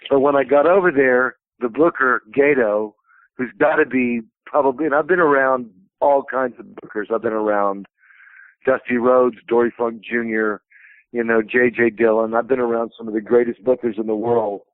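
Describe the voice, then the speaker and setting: A man's voice: mid-range voice, steady tone, moderate pace, dry recording. A man in his fifties, a wrestling promotion president, telling rambling stories as a guest in a phone interview. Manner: rambling anecdotal storyteller. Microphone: telephone. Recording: tinny phone line.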